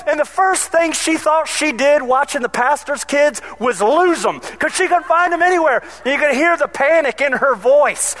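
A man delivers a sermon. His voice sits very high for a man. He tells stories in an animated, humorous way. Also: normal speed, few pauses. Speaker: pastor. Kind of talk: sermon with personal storytelling.

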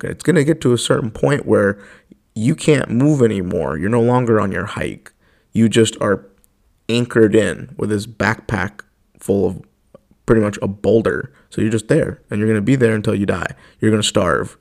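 A man's voice: lowish voice, vocal fry, a little mellow. A man hosting a solo podcast, speaking earnestly and bluntly in a casual monologue with occasional swearing. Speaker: podcast host.

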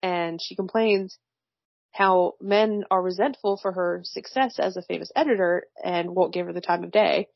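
A woman with a fairly low voice chats her way through a film plot, wry and slangy, with frequent laughter. The recording is dry and a little dull, with no room sound. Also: normal speed, vocal fry, no echo. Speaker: podcast co-host recapping a film. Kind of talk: casual chat.

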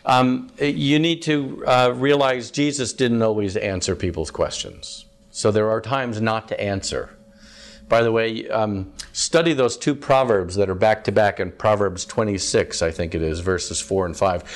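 A man's voice: lowish voice, unhurried. A man teaching a live group about evangelism as a campus minister, chatty, asking the audience questions, with frequent ums.

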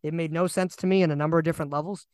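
A young man co-hosting a casual sports podcast, animated and ranting, often repeating himself. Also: a little high, very fast, clean tone, no room sound. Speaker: podcast co-host.

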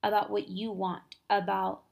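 A young woman hosting a podcast, giving a casual, upbeat motivational talk full of quick asides and filler words. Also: medium pitch, level tone, creaky, darkish tone. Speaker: podcast host.

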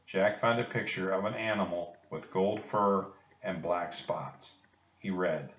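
A man reading a children's storybook aloud in a calm, measured way. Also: sits low. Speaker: narrator. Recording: echoey, distant and muffled.

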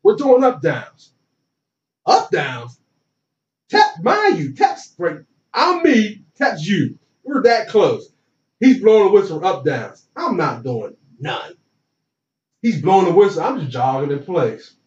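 A man's voice: sits high, unhurried. A man, a former college football player, telling a story in casual slang and acting out what people said. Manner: animated, slangy, acts out quotes. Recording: roomy, distant and dull.

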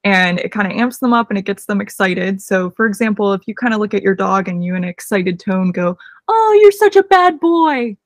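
A young woman co-hosting a casual dog-training podcast. She explains things with easy confidence. Her voice is mid-pitched and sounds dry and close to the mic. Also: steady tone, fairly quick, hardly any pauses, no room sound.

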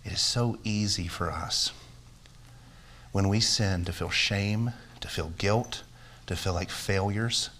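A man's voice: lowish voice, slow pace, pushed and bright, a little hiss or hum. A man preaching a sermon as pastor, earnest and emphatic, with repeated phrases and a closing prayer that builds in intensity. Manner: prays with rising intensity.

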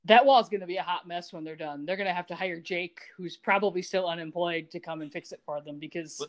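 A woman co-hosting a podcast, chatting casually and telling stories in an animated, teasing way. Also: fairly low pitch, fast. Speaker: podcast co-host. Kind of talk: casual chat recapping a TV episode.

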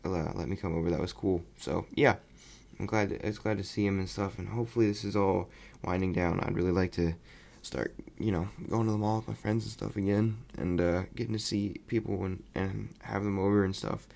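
A young man casually reviewing a movie on his podcast, rambling and animated. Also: sits low, a little fast, vocal fry. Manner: rambling, animated, mocking voices when quoting. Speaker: podcast host.

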